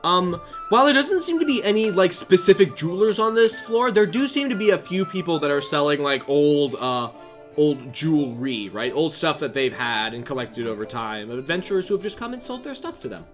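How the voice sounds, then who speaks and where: A man's voice: a little high, big pitch swings, fairly quick. Rambling man running a tabletop game. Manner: rambling, full of fillers, voices shopkeepers. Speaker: game master. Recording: faint background music.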